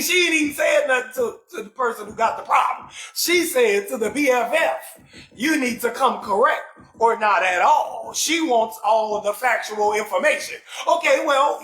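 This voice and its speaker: High, loud New Orleans man. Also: roomy sound. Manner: loud, animated, often shouting, profane. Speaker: talk show host. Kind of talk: live comedy talk show, reading viewer comments.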